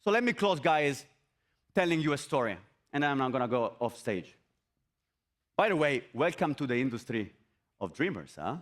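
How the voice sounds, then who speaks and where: A man giving an energetic motivational talk on an event stage. He repeats his phrases and asks the audience rhetorical questions. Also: mid-range voice, normal speed, pauses often. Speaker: motivational speaker.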